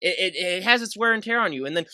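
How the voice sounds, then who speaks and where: Young guy hosting a podcast, kinda high voice, dry sound, rambles and laughs a lot. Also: expressive, quick pace, pushed and bright, dry recording. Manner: chatty, rambling, laughs often. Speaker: podcast host. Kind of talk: casual interview chat.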